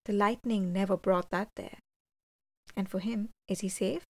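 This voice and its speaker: A woman voicing a worried male soldier in an audiobook, speaking in a hushed, uneasy way. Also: medium pitch, fairly even intonation, a little slow.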